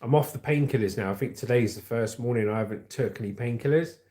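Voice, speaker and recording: A man's voice: medium pitch, fast, darkish tone. A man hosting a casual livestream, chatting in a rambling way and reading out viewer comments. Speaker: livestream host.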